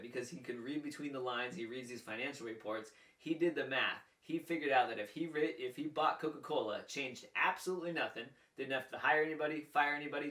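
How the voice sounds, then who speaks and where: Energetic man in a roomy echo. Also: mid-range voice, far from the mic. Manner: energetic, repeats "all right" and "he's like". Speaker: business coach and video host. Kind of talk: casual storytelling to camera.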